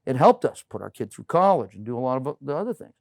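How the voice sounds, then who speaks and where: A man's voice: mid-range voice, very animated, fast talker, creaky, darkish tone, no echo. A middle-aged man from the United States, a political candidate, speaking earnestly and emphatically as a guest in a studio interview, with many "you know" fillers. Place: local TV studio.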